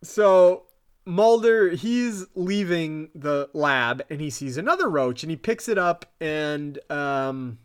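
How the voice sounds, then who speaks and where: A man co-hosting a podcast, casually retelling a TV episode with animated asides and frequent laughter. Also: slow, clean tone. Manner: animated retelling, acts out quotes in high voices, laughs often. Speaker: podcast co-host. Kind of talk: casual recap chat.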